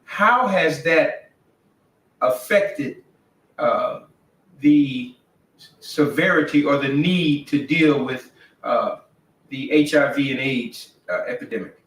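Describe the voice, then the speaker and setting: A man hosting a community talk show over a video call, speaking haltingly with many fillers and restarts. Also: medium pitch, fairly bright tone. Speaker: host. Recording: roomy, distant video call audio.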